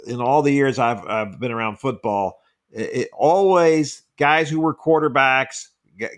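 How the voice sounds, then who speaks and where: A man offers his take in a relaxed podcast conversation. He sounds conversational and opinionated, with a few fillers along the way. His pitch sits in the ordinary middle range. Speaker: sports journalist panelist. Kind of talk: casual podcast discussion.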